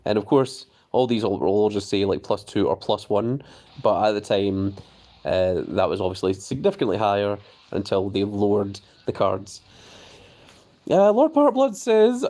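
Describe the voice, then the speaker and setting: A man hosting a casual live stream of a game, chatting about his cards and reading viewer messages aloud before answering them. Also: medium pitch. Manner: easily excited, voice jumps up on greetings.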